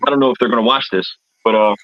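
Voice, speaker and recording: A man's voice: medium pitch, steady tone, racing, muffled recording, crowd noise. A man from the United States, an artist and event MC, telling his story as a guest in an earnest, rambling, reflective way. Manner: rambling, earnest, searching for words.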